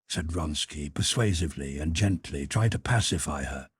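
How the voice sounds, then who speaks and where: A man narrating a classic novel as an audiobook in a measured, expressive reading. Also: very deep voice, slightly rough, no room sound, clean studio sound.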